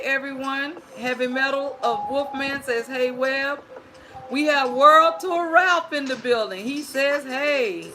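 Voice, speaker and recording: A woman hosting a livestream storytime, greeting viewers by name and reading their chat messages aloud. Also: high-pitched. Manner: greets viewers warmly by screen name, playful and sing-song.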